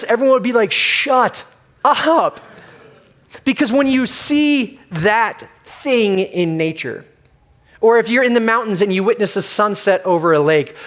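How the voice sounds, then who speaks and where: A middle-aged male pastor giving a conversational sermon, telling stories with acted-out quotes. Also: high voice.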